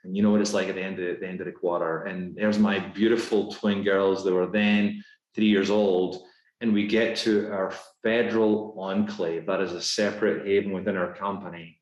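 A man with a Scottish accent, a guest talking in a casual podcast interview, brisk and upbeat with lots of fillers. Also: low-pitched, level tone, darkish tone, muffled recording. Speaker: guest executive. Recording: roomy echo.

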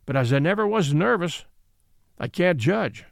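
Man doing a calm sensible horse, quiet talk, dry close sound. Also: a little high, moderate pace, vocal fry, no room sound. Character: calm sensible male roan cob horse.

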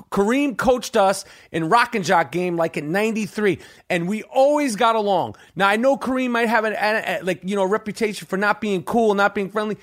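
High-voiced new dude on his podcast, swearing a lot, hyped up, rambling with slang. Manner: profane, excitable, rambling with lots of slang. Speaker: podcast host. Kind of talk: casual storytelling monologue.

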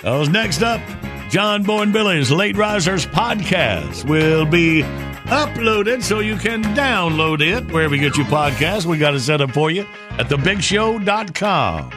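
An easygoing male radio host, folksy and relaxed, speaking fairly high. A guitar music bed plays clearly behind him. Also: measured pace. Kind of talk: casual radio sign-off.

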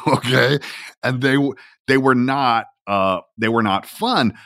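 A man hosting a podcast, talking casually in an unhurried, reflective storytelling way. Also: medium pitch, a bit bright, no echo, studio quality. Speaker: podcast host.

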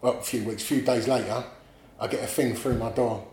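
A man, a guest telling animated stories in casual chat, often laughing and swearing. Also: mid-range voice, fairly quick. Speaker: guest artist. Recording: echoey room, faint background noise.

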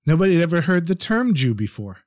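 A man telling a story in a lively, dramatic way. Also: a little high, fast talker, no room sound, studio quality. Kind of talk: spoken story narration.

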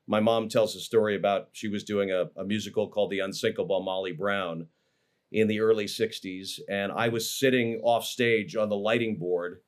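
A man with a fairly low voice shares memories as an interview guest. He rambles along, circling back with plenty of fillers and restarts, in an easygoing, conversational way. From Los Angeles, USA. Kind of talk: casual interview storytelling.

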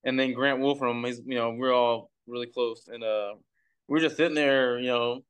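Young male podcast guest from Texas; easygoing, rambling storyteller, clear resonant tone. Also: mid-range voice, fairly even intonation, normal speed. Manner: laid-back, rambling with fillers. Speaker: guest, pro baseball pitcher. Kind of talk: casual storytelling. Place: recording for a podcast.

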